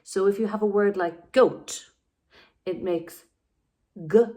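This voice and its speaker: Irish female teacher, unhurried, sounds out letters slowly for small children. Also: medium pitch, fairly even intonation, warm tone. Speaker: primary school teacher. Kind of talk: remote phonics lesson for young children.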